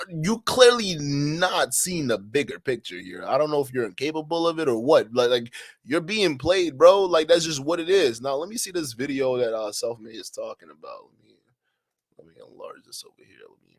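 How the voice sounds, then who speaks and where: A man's voice: a little high, moderate pace. A man hosting a reaction video, talking casually with profanity and bursts of disbelief. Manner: excitable, profane, outbursts of disbelief and laughter.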